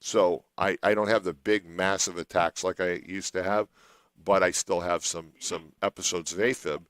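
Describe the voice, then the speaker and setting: Low-voiced man telling a radio story. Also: fairly even intonation, moderate pace, fairly bright tone, dry recording, poor audio. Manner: rambling anecdotal telling with restarts. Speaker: radio show host.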